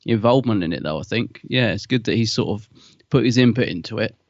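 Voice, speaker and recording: A man co-hosting a casual podcast, animated and self-deprecating, acting out little quotes as he talks. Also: on the low side, fast talker, no room sound, highs cut off. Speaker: podcast co-host.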